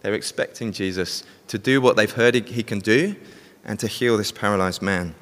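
A man's voice: lowish voice, normal speed, a bit bright. A man preaching a sermon, telling a story and asking the congregation questions. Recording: long hall reverb.

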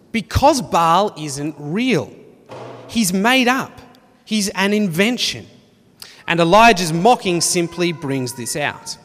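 A man's voice: high-pitched, fairly bright tone. A man preaching a sermon, reading Bible passages expressively with dry humour. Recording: long reverb of a hall.

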